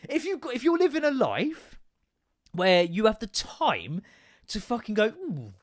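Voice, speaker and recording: A man's voice: high voice, huge pitch swings, unhurried. A man hosting a podcast, ranting in casual chat, sweary, sarcastic and exasperated. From England. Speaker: podcast host.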